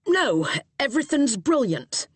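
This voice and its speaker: A man's voice: very high voice, big pitch swings, measured pace, breathy edge, no echo, pitched above the performer's own voice, heavily acted. A woman voicing a cheery male London cab driver with a heavy Cockney accent and a breezy way of talking. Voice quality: breezy, calls people love.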